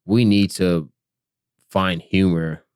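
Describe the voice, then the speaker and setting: Give me a very deep-voiced man with a stutter, talking casually. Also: fairly even intonation, smooth, dry recording, clean studio sound. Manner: stuttering, halting, trails off quietly. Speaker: guest, combat veteran. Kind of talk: casual chat.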